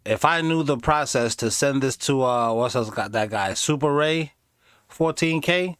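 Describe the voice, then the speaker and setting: A man doing casual live commentary on videos, animated and sarcastic, slipping into mocking voices. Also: medium pitch, a little slow, smooth, no echo, clean studio sound. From inner city. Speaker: streamer reacting to videos.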